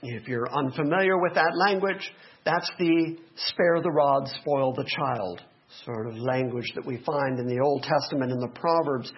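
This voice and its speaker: A middle-aged male pastor preaching a sermon, animated, with joking asides to the congregation. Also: medium pitch, moderate pace. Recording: dull lo-fi recording.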